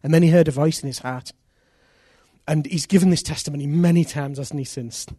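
A fairly quick, husky male voice on the high side delivers sermon storytelling in a dry, studio-quality recording. He animatedly recounts conversion stories, acting out quoted voices and returning to repeated phrases.

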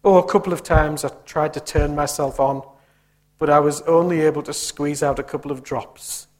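A man's voice: on the high side, fairly even intonation, moderate pace, a little mellow, lightly acted. A man voicing a sad, apologetic male kitchen tap in a story read aloud during a sermon. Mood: sorry. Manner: humble, apologetic.

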